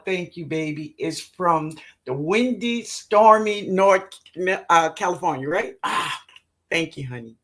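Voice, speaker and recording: A woman chats through a livestream at an unhurried pace. Her pitch rises and falls in big, lively swings. She laughs easily and calls her viewers baby, honey and sweetheart as she reads their comments aloud. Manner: excitable and laughing. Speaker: livestream host, gardener. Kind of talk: casual livestream chat, reading comments aloud.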